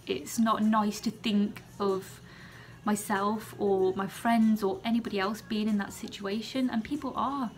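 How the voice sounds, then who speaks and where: A woman's voice: on the high side, fairly even intonation, moderate pace, faint music behind. A young British woman, a student nurse, talking earnestly to the camera in a heartfelt vlog, repeating phrases to encourage others.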